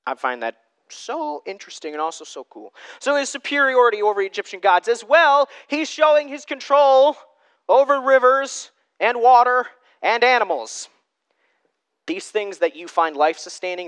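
Man, preacher, smooth resonant voice, conversational sermon, emphatic then hushed. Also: very high-pitched, big pitch swings, moderate pace. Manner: emphatic, swings from loud stresses to hushed asides; conversational, addresses listeners directly. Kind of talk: sermon teaching from note sheet.

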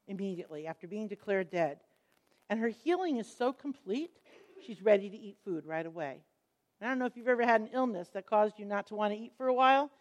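A middle-aged woman teaching a Bible lesson, telling the stories expressively and acting out the quotes. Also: fairly high pitch. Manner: expressive storytelling, acts out quotes.

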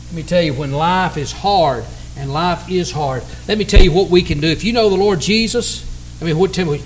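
A man preaching a sermon as pastor, swinging from loud cries to hushed tones. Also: on the high side, a little fast, a little hiss or hum, poor audio. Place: church sanctuary.

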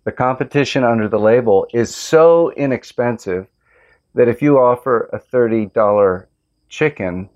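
A man who farms organic tomatoes, hosting a casual interview and telling stories in an earnest, relaxed way. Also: mid-range voice, normal speed, muffled recording. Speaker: host, organic tomato farmer.

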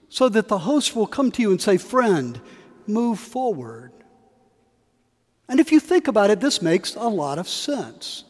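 A man preaching a sermon in a cathedral, telling a story with lively emphasis and acting out quotes. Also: sits high. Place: large cathedral. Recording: long cathedral reverb.

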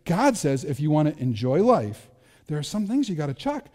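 A man's voice: fairly high pitch, sing-song, normal speed, dark tone, in a large hall. A middle-aged man preaching a sermon as pastor, conversational and self-deprecating, with frequent restarts.

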